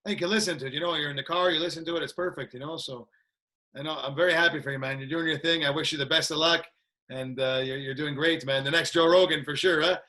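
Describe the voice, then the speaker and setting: Upbeat male guest from Canada, fast and lively, slightly high, bright tone. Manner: upbeat, laughs a lot, repeats "that's it". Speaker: guest, martial arts trainer. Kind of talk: casual chat.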